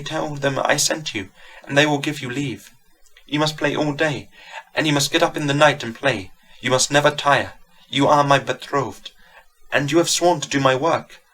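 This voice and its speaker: Man doing a lonely young woman organist, soft Italian accent, raised and gentle, bright tone, storybook horror. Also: a little high, voice pushed up, rough recording. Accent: put-on Italian accent.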